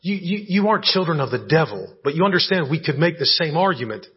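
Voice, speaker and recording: A male pastor delivers a conversational sermon in a church sanctuary, frequently checking in with the congregation. His voice is a little high and husky, with lively intonation and a quick pace. The audio is a dull, lo-fi church recording.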